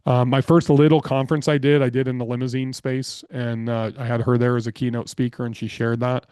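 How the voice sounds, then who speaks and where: A man guesting on a podcast, telling business stories in an energetic, blunt way and swearing freely. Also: mid-range voice, brisk, smooth, no room sound, studio quality. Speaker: podcast guest, real estate investor. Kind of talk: casual interview storytelling.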